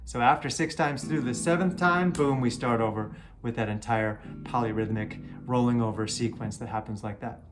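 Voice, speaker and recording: This guitar teacher talks through an exercise in an easygoing lesson, counting beats as he plays and loudly chanting "triplet" over the guitar. His medium-pitched voice holds a steady tone at a moderate pace with few pauses.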